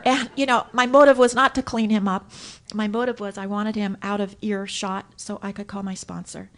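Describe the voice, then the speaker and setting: A woman giving a personal story share at a recovery meeting, animated and acting out her own thoughts as she tells it. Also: mid-range voice, normal speed. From Southern California. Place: hotel conference room.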